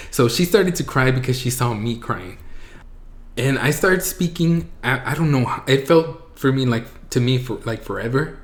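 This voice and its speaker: A man in his twenties telling a personal story to his viewers, casual and emotional, with lots of "like"s and some Spanish phrases. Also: mid-range voice. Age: 20s. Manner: emotional, voice breaking near tears at times. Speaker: vlogger. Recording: echoey room.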